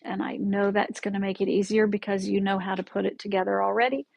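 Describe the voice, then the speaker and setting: A woman hosting a casual live-stream quilting lesson from her sewing room, chatty and friendly, often pausing to correct herself. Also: mid-range voice, little pitch movement, gravelly, no room sound, lo-fi sound. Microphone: camera in the room, with her stepping back from it.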